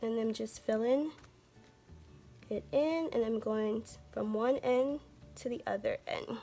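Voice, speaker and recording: Gentle encouraging woman art instructor. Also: fairly high pitch, slow pace, soft background music. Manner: gentle, encouraging, talks to viewers directly. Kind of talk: children's art lesson.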